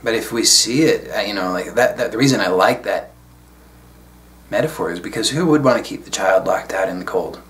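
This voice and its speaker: A man speaking as a spiritual teacher in a solo video talk, reflective and unhurried with casual asides. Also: lowish voice, a bit bright.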